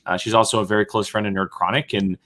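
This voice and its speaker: A young man hosting a podcast panel, leading the chat in a relaxed way with fillers. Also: lowish voice, quick pace. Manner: relaxed, leads the discussion with fillers. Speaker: podcast host. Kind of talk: casual chat.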